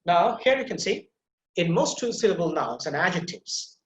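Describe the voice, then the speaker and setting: Man teaching word stress, repeating words slowly. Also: sits high, very animated, echoey room, a little hiss or hum. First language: Bengali. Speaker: pronunciation teacher. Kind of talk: online lecture.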